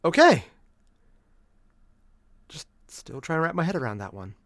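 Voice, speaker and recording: A man's voice: on the high side, wildly swooping pitch, measured pace, fairly bright tone, no echo, studio quality. A man hosting a casual reaction video, rambling and repeating himself as he talks through his thoughts.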